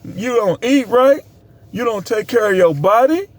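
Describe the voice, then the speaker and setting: A man's voice: very high voice, expressive, unhurried, no room sound. A middle-aged man in a blunt, preachy casual monologue, speaking emphatically as a vlogger.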